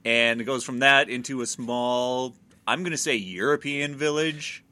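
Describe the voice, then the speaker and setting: A man co-hosting a casual movie-review chat, recapping the plot with wry asides and quick character voices. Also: medium pitch, sharp tone. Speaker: podcast co-host.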